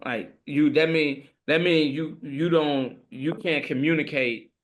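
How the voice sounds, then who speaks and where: A man's voice: a little high, fairly even intonation, a little slow. A man on a discussion panel, talking emphatically and repeating his points.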